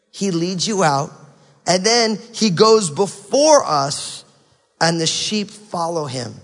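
A man's voice: fairly high pitch, a bit bright. A male pastor giving a conversational sermon, acting out the inner voices people hear. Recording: long reverb of a large hall.

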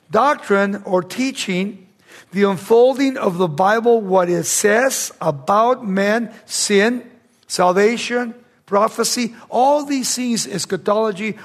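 A man preaching a verse-by-verse sermon, reading scripture slowly and repeating key words for emphasis. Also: high-pitched.

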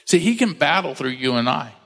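A man preaching a sermon in a relaxed, conversational way, with joking asides and acted-out quotes. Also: fairly high pitch, brisk, vocal fry. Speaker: pastor. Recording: long hall reverb.

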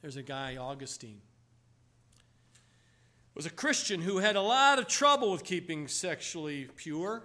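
A man's voice: on the high side, expressive, unhurried, pauses often, bright, forceful tone. A man preaching a sermon, telling stories with emphatic exclamations.

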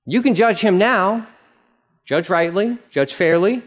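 A man's voice: sits high, measured pace. A male pastor giving a conversational sermon, acting out quoted voices with big swings up and down.

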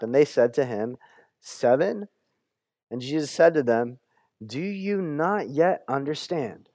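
Man, sermon, casual preaching, slightly high pitch, dry sound, repeats words, animated quoting. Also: no room sound. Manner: conversational, repeats words when restarting, quotes scripture with animated voices. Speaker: pastor.

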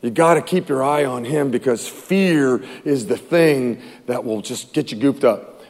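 A male pastor preaching a sermon in an animated way, acting out scripture voices and dropping from loud to hushed. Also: mid-range voice, measured pace, long reverb tail.

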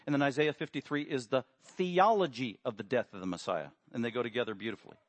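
A man preaching a sermon, animated, acting out quotes with sudden loud emphasis. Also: medium pitch, fast, no echo. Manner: acts out quotes with raised voice.

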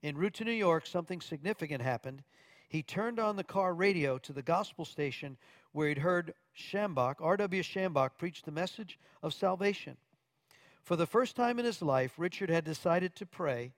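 Man, preacher from Arkansas, testimony sermon, earnest storytelling, gravelly, dry sound. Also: a little high, moderate pace, dry recording. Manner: earnest, tells the story with quoted speech and occasional stumbles.

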